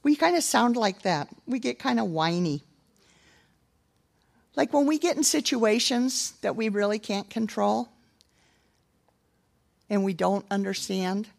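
An older woman preaches in a casual, chatty way, poking gentle fun at herself as she tells stories. Her voice is gravelly with some vocal fry. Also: medium pitch, expressive, unhurried, long pauses. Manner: chatty, self-deprecating. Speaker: speaker at a church gathering. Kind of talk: casual storytelling sermon.

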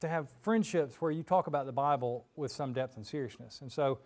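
A man preaching a sermon in a relaxed, conversational way, full of fillers and asides, in a church. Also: mid-range voice, brisk. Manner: informal and chatty, with frequent fillers and asides.

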